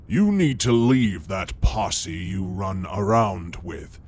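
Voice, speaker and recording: A man gives voice to a massive silver-pelted monster in a horror story. Its voice is deep, breathy and rough, and it growls each word slowly with barely held-back menace. It sounds a little distant. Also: animated, darkish tone, full character voice. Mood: contemptuous. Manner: slow, growling, contemptuous. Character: huge menacing silver-furred male beast.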